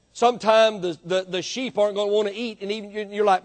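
Male pastor, high voice, emphatic sermon delivery, quiet to loud swings. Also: steady tone, fairly quick, few pauses.

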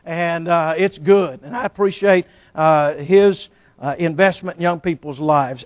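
A man's voice: fairly high pitch, measured pace. A middle-aged man preaching a sermon as pastor, telling folksy jokes and stories. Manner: folksy, joking, storytelling.

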